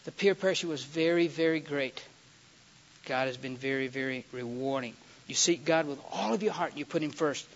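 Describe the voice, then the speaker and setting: A middle-aged man preaching a sermon, dramatic, swinging between loud excited storytelling and hushed, slow scripture reading. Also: on the high side. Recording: dull lo-fi recording.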